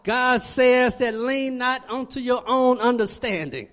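A man, a church elder, preaching a sermon with fervent, dramatic swings in loudness. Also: very high voice, unhurried. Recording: long reverb of a large hall.

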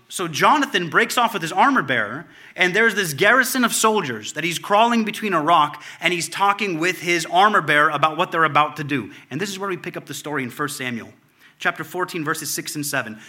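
A male pastor preaching a sermon, in a conversational style with fillers and restarts, growing fervent and loud as he retells a story. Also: a little high. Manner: builds to fervent, raised delivery when retelling the story.

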